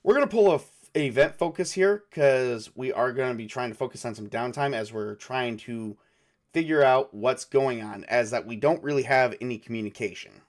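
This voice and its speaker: A man's voice: mid-range voice, normal speed. A man narrating and playing a solo tabletop game, thinking aloud with many fillers. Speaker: game master and solo player.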